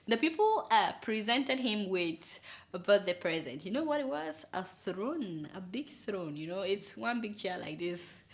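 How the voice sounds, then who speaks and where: A young Nigerian woman hosting a comic news show, talking to viewers in an animated, exclamatory way with chatty asides. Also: fairly high pitch. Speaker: satirical news show host.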